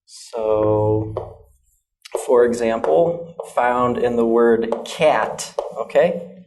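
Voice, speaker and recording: Slow, mellow-voiced American man teaching pronunciation. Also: medium pitch. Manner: patient, checks in with frequent "okay?". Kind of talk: classroom pronunciation lesson.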